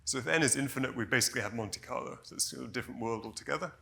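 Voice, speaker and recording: Male conference presenter, gravelly and bright, measured and explanatory, corrects himself on the fly. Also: mid-range voice. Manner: measured, explanatory, with frequent "you know" and self-corrections. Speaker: conference speaker.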